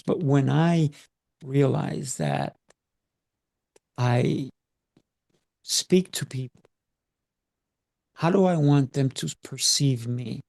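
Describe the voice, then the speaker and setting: A middle-aged man speaking as a podcast guest, deliberate and emphatic, drawing out key words. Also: mid-range voice, creaky, a little mellow, no room sound, clean studio sound. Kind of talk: measured podcast talk.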